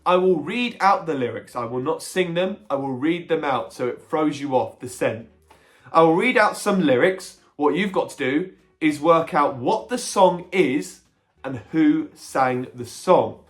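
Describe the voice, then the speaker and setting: A young man hosting a casual pub-style quiz, chatty and self-mocking, with a giggly manner. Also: fairly high pitch. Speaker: quiz host.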